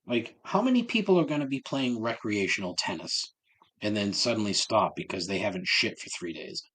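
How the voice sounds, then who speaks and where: A man's voice: on the low side, lively intonation, brisk, a bit bright. A man hosting a solo podcast, ranting with sarcasm and heavy swearing. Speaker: podcast host.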